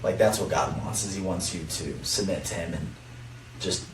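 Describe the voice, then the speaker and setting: Young man, very low voice, earnest testimony, roomy distant sound. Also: moderate pace. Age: young adult. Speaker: college basketball player. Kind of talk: faith-focused podcast chat. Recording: roomy, distant mic, faint noise.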